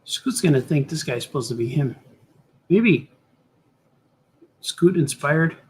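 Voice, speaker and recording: A man's voice: a little high, animated, slow, breathy edge. A middle-aged man, a cartoonist, chatting casually on a live stream while he draws, muttering to himself, trailing off and talking to his viewers. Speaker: cartoonist livestreaming while drawing.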